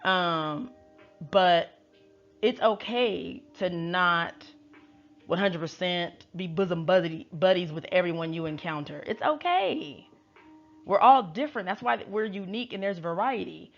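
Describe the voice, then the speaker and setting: A woman's voice: lowish voice, unhurried, muffled recording, soft background music. A woman tarot reader giving opinionated casual commentary, emphatic and repeating her points for effect. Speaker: tarot reader and reality show recapper.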